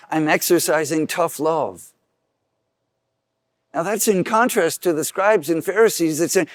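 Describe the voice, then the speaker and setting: Man, priest preaching a homily, earnest, slightly high voice, dry close sound. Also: lively intonation, moderate pace, no echo. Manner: earnest preaching, acts out quoted voices with rising pitch.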